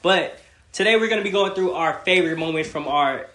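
A man's voice: high voice, a little fast, pushed and bright. A man hosting a podcast in a loose, slangy way, constantly tossing in "you know what I mean" as he chats with his co-hosts. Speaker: podcast host. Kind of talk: casual podcast chat. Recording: echoey room with background noise.

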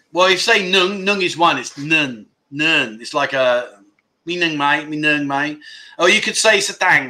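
A man's voice: fairly high pitch, sharp tone. A man hosting a casual livestream, reading viewer comments aloud and bantering jokily with chatty fillers. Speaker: livestream host.

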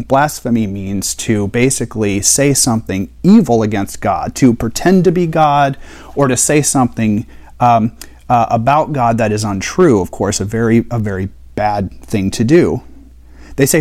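A man's voice: mid-range voice, lively intonation, measured pace, darkish tone. Male Bible teacher, mid-range voice, casual explanatory delivery with rhetorical questions.

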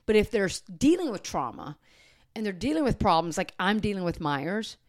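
A woman co-hosting a podcast on dog training, explaining in an earnest, steady way and sometimes slowing and softening her voice. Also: mid-range voice. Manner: earnest, explanatory, slows and softens to demonstrate calm talk. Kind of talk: casual podcast chat.

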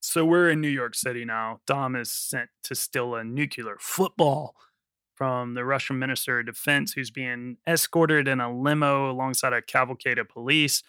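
A man's voice: medium pitch, fairly even intonation, moderate pace, pushed and bright, clear, resonant tone, no room sound, studio quality. A man co-hosting a podcast, recapping and joking about a film in a laid-back way. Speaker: podcast co-host. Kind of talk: casual movie review chat.

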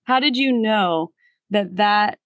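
A woman's voice: medium pitch, slow pace, fairly bright tone, dry recording, muffled recording. Curious podcast host woman, dry sound. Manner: curious, asks probing follow-up questions. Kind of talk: podcast interview.

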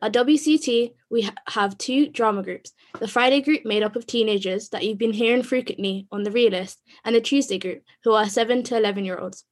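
A woman's voice: on the high side, a little fast, hardly any pauses. A British woman presenting a podcast, reading a scripted segment intro in an upbeat way. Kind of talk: scripted announcement.

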